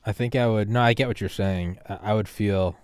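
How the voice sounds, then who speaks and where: A young male podcast host chatting casually. He rambles through loose asides and laughs often. His voice sits a little low and sounds dry and close. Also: fairly even intonation, fairly quick, darkish tone, smooth, no echo. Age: young adult. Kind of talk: casual chat.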